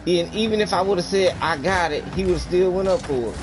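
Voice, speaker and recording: Man, slightly high voice, casual gaming commentary, grumbling, joking banter, noisy game audio behind. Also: fairly quick. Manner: frustrated, joking banter with his brother. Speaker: gaming streamer. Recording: game sounds and noise behind.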